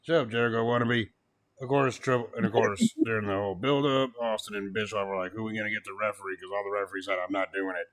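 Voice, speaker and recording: A man in casual chat reviewing an old wrestling event, animated, cursing freely and laughing as he mimics what people said. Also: on the low side, quick pace. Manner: animated, swears, laughs often, mocks quotes. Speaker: podcast co-host.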